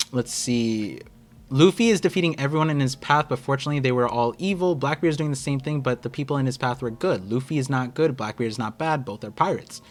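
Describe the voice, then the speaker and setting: Excitable young man rambling to chat. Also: medium pitch. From United States. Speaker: streamer host. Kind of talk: casual live-stream chat.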